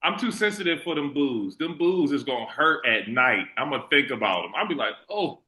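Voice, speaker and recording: Lively, bright man in a roomy space. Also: medium pitch, brisk. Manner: joking, acts out quotes. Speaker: podcast co-host. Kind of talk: casual podcast debate.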